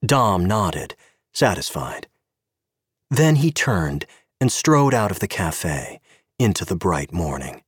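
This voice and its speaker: A man narrating an audio drama in a measured, expressive way. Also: sits low, husky, no room sound, clean studio sound.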